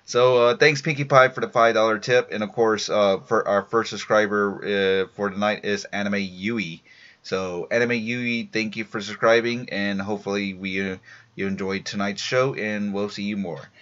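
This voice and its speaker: A tired man hosting a live stream, reading out casual shout-outs with lots of fillers and restarts. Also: lowish voice, fairly even intonation, normal speed. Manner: rambling, many fillers and restarts. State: tired after a long workday. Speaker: live-stream show host. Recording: dull lo-fi home stream audio.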